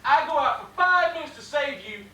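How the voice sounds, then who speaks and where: A man's voice: extremely high pitch, lively intonation, brisk, crowd noise. A man playing an exasperated, bitter husband in a live stage play, ranting at his wife. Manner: loud, ranting stage delivery. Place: theater stage. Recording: echoey stage sound, mic far off.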